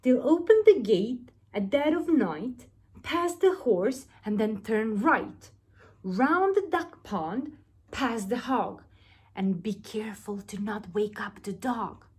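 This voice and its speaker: A small, clever storybook ladybird, as a woman puts her on, urgently warning her friends in a slow, lively voice. The tone is slightly raised and husky. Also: a little high, exaggerated voice. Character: little spotty female ladybird, quiet and clever.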